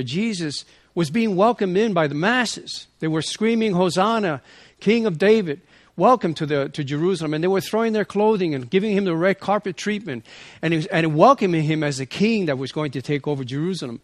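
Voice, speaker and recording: A man's voice: sits high, expressive, fairly quick, dry recording. A man reading the Gospel aloud and then preaching an earnest sermon that builds in intensity. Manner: earnest, rising in intensity, with restarts. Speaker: priest.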